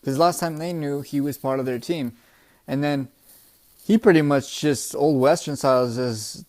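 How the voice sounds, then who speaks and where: A young man recapping a comic chapter in a casual, excitable, profane way, often calling his listeners "bro". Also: on the high side, moderate pace. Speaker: manga chapter reviewer.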